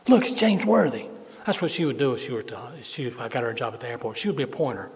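A man's voice: mid-range voice, racing. Man preaching in a reverberant hall. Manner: repeats phrases for emphasis, folksy humor. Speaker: pastor. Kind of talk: sermon.

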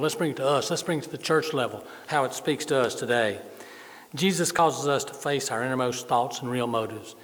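A middle-aged male pastor giving a sermon, repeating phrases for emphasis and adding folksy humor. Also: mid-range voice. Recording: long hall reverb.

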